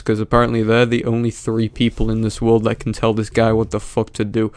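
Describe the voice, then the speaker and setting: Flat, mocking male reaction commentator. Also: fairly low pitch, brisk, few pauses, clear, resonant tone, dry recording. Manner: mocking, profane, flat delivery.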